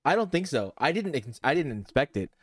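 A young man on a casual podcast, telling a long story among friends in an animated, rambling way and acting out what people said. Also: fairly high pitch, brisk, no echo, studio quality. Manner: rambling, animated, acts out quotes. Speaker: podcast co-host.

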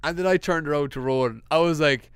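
A young Irish man tells a story on a casual podcast, animated and quick to laugh, often stumbling and restarting. His voice is smooth and clear. It is recorded close and dry. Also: fairly high pitch, no room sound. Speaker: podcast co-host.

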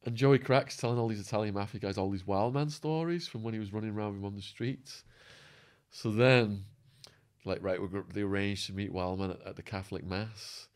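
Male podcast guest, lowish voice, hoarse, animated storyteller. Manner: animated storyteller acting out quotes with swearing. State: voice going hoarse. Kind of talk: storytelling in an interview.

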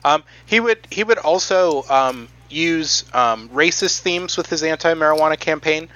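Podcast host, man, bright and slightly high, halting with lots of ums. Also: animated, highs cut off. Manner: halting, many ums, reading quotes aloud. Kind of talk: casual podcast chat.

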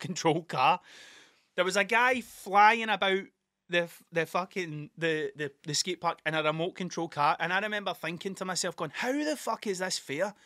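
A man's voice: high-pitched, pushed and bright, no echo, studio quality. A man with a Scottish accent, rambling and swearing through a casual solo podcast monologue. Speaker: podcast host.

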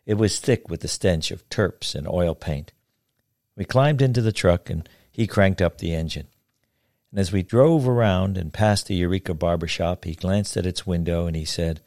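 A man in his seventies reading his own folksy story, then chatting in an unhurried way with some hesitation. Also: deep voice, a little mellow, dry recording, clean studio sound. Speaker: storyteller, author.

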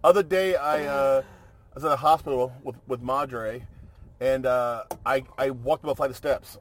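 A man's voice: medium pitch, normal speed, a little hiss or hum. A man chatting casually as a co-host, rambling and joking, often trailing off and restarting. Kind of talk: casual chat.

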